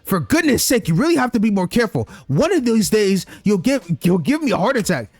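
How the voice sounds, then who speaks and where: A man's voice: high voice, sing-song, a little fast, a little mellow, no echo, pitched above the performer's own voice, full character voice. A man reading the lines of a bossy, caring young woman from a game, in a fussy, scolding manner.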